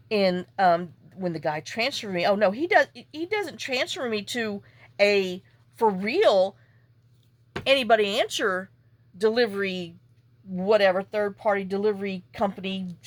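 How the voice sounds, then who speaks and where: A woman vlogger crafting papercraft at home vents saltily through a chatty, exasperated story. She speaks unhurriedly in a medium-pitched voice.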